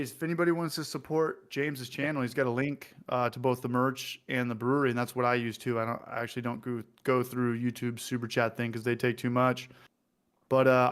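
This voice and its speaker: A man's voice: medium pitch, smooth. A man casually hosting a livestream, joking loosely and reading out viewer comments. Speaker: livestream host.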